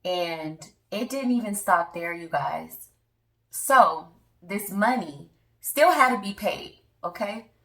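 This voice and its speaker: A woman's voice: medium pitch, lively intonation, slow, bright, forceful tone, echoey room, recorded from a distance, low-quality recording. A woman in her thirties telling an earnest personal testimony to her viewers, speaking emphatically and addressing them directly. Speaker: vlogger.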